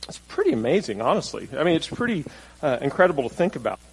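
Lively, conversational male preacher. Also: fairly high pitch, fast talker, husky, low-quality recording. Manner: conversational, asks the audience questions, acts out quotes. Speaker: pastor. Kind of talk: sermon.

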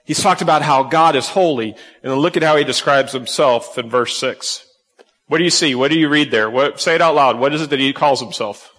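A man's voice: a little high, fairly bright tone. Pastor, man, emphatic sermon delivery, big reverberant church hall. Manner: emphatic teaching, rhetorical questions to the congregation. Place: church sanctuary.

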